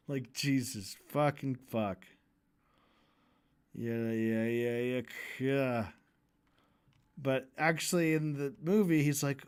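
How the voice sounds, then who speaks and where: A fairly high-voiced man rambles through a casual livestream rant, sarcastic and sweary. He restarts his sentences, laughs at his own jokes and now and then bursts into loud mock voices. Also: slow pace, long pauses, smooth. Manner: profane, sarcastic, rambling, mimics voices with shouts. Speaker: streamer.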